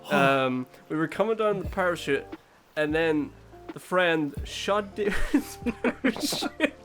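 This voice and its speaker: A man's voice: on the high side, takes it slowly, faint music behind. Laughing, rambling male podcast storyteller. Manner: rambling, animated, laughs while telling stories. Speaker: podcast co-host. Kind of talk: casual storytelling chat.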